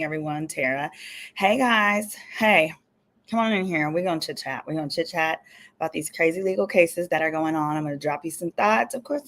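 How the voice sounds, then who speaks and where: A woman lawyer hosting a casual livestream, chatty and sassy, full of exasperated asides. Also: lowish voice. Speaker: attorney and show host.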